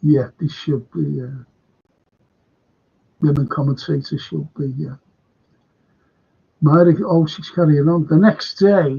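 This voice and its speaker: A man's voice: fairly high pitch, creaky, mellow, slightly rough. An older man hosting a live stream, rambling through viewer comments in a casual chat and losing his train of thought. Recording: dull lo-fi stream audio.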